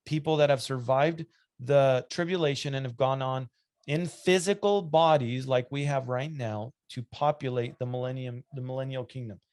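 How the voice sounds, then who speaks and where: A man's voice: medium pitch, normal speed, darkish tone. A man hosting a church podcast, reading listener questions aloud and chatting with asides. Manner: conversational, reads aloud with asides and restarts. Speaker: podcast host.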